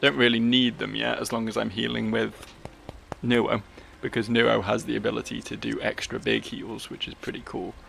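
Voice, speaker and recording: A man's voice: lowish voice, level tone, normal speed, creaky, fairly bright tone. A man giving casual, rambling, self-mocking commentary as host of a let's play video.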